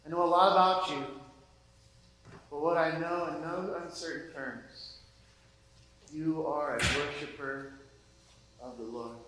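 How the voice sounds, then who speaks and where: A male pastor preaching a sermon and reading scripture aloud, slow and emphatic. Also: fairly high pitch, steady tone, fairly bright tone, slight background noise. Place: church sanctuary. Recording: echoey church hall.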